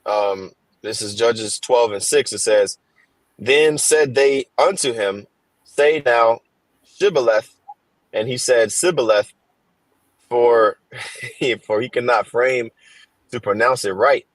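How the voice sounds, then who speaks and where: A man's voice: mid-range voice, dry recording, poor audio. A man reading Bible verses aloud in a casual class, stopping and restarting with fillers. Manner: halting, reads slowly with fillers. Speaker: scripture reader in a Bible class. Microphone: headphones on a stream.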